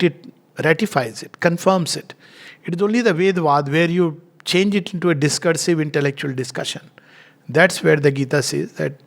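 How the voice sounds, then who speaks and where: A man giving a measured, reflective spiritual lecture, often pausing with "uh" as he explains. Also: fairly high pitch, vocal fry. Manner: measured, reflective, pauses with frequent "uh".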